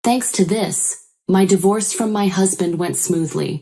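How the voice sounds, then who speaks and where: A woman's voice: mid-range voice, unhurried, mellow. A woman reading a first-person drama story as a scripted narrator.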